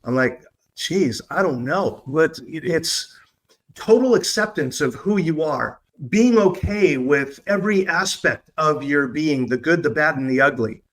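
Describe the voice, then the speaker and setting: A man's voice: fairly high pitch, animated, a bit bright. Earnest man hosting a recovery podcast. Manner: earnest, upbeat, confiding, with slow emphatic stretches. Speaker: podcast host. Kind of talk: reflective solo podcast talk.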